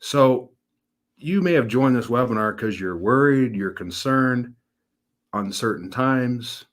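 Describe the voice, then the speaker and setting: His mid-range voice moves slowly but with lively intonation. A financial advisor in his thirties, he hosts an informal webinar, upbeat and homespun, spinning stories and performing the voices within them.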